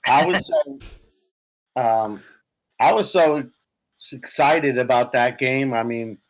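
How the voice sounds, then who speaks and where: A man co-hosting a sports podcast, talking excitedly and profanely about his team's win, his voice a bit hoarse. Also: mid-range voice, slow, low-quality recording. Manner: animated, profane, laughing. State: hoarse from yelling. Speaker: podcast co-host, Giants fan.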